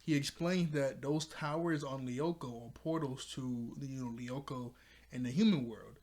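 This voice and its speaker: A man's voice: medium pitch, normal speed, darkish tone. A man casually recapping a cartoon episode, rambling with lots of fillers and frequent laughter. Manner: rambling, laughs often, paraphrases characters loosely. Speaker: show reviewer.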